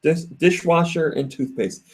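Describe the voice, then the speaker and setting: A man's voice: fairly high pitch, measured pace. Chatty male podcast host. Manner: chatty, laughs often, reads viewer comments aloud. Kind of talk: casual podcast chat.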